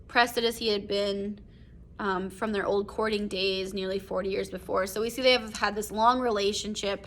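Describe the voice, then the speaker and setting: Bright-voiced woman teaching a story. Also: medium pitch. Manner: reads passages aloud then explains them with fillers like "um", "like" and "right?". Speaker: English teacher. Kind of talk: recorded literature lesson reading and explaining a story.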